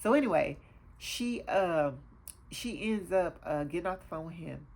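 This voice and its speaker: Chatty woman recapping a show, low voice. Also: moderate pace, creaky. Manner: chatty, animated retelling with many fillers. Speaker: TV show reviewer, host. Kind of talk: casual episode recap.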